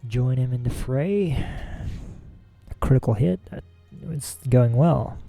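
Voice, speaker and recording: A man with a dark, gravelly voice talks through a strategy game battle in casual let's play commentary. He muses out loud as he weighs each move. Faint game music plays under his voice. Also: mid-range voice, slow pace. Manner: musing, thinks aloud about tactics.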